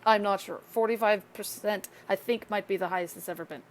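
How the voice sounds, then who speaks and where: A woman in a relaxed weather update, talking her way through forecast maps. Her voice sits in a middle pitch, and she makes loose, chatty asides and corrects herself as she goes. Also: fairly quick, slight background noise. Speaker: weather vlogger. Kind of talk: casual severe weather briefing.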